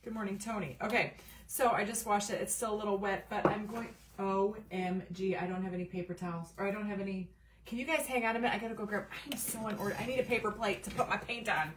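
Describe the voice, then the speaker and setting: A woman's voice: mid-range voice, quick pace, distant mic. A middle-aged woman chats through a crafting livestream, greeting viewers by name and wandering into asides. Her voice sits a little off the mic with faint room noise behind it. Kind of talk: casual live crafting chat.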